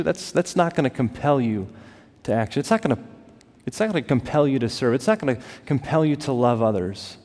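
A man preaching a sermon as pastor, building to emphatic peaks and dropping to soft, quiet lines. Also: medium pitch, expressive, brisk. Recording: long reverb of a large hall.

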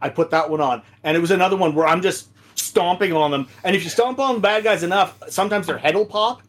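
A man telling animated, laugh-filled stories as a guest in a casual podcast chat. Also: sits high, fast, slight background noise. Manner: animated storyteller, swears and laughs often.

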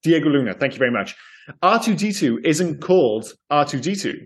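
A man co-hosting a podcast in casual chat, animated and hesitant, acting out what people said. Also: on the high side, fairly quick. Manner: animated, hesitant, acts out quotes. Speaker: podcast co-host.

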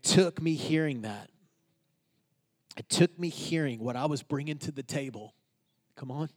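Pastor telling a story in a sermon. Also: male voice, medium pitch, unhurried, long pauses. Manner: personal storytelling, swinging from loud to hushed.

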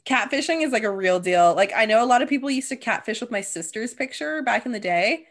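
A woman's voice: on the high side, animated, fast. Chatty young woman telling stories. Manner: chatty storyteller, heavy use of "like". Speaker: podcast co-host. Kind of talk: casual chat.

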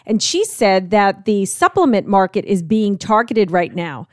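A woman's voice: mid-range voice, lively intonation, a little slow, darkish tone, dry recording. Attentive woman interview host, dry sound. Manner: attentive, many backchannels and fillers. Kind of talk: casual interview.

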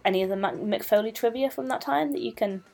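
A podcast co-host chatting casually in a relaxed, wry way, often pausing with ums. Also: male voice, sits high, creaky, soft background music.

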